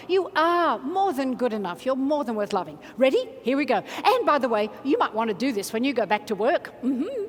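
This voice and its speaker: Woman, motivational speaker, high voice, big hall echo, energetic and coaxing. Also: normal speed, few pauses, slight background noise. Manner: energetic, exclamatory, coaxing the audience. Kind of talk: motivational keynote speech. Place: large conference hall. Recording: reverberant hall, faint ambience.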